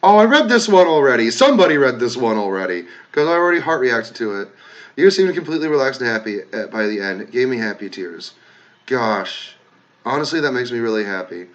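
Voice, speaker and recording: A man casually talking to his viewers, reading comments aloud, emotional and swearing freely, swinging from loud outbursts to soft, quiet thanks. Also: medium pitch, sing-song, fairly quick, dull audio. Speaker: content creator reading comments.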